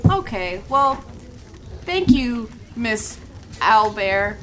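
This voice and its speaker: A woman's voice: a little high, big pitch swings, very slow, a bit bright, a little hiss or hum, exaggerated voice. A woman playing a bubbly, overeager partygoer. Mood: friendly. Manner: eager, chatty and overly friendly.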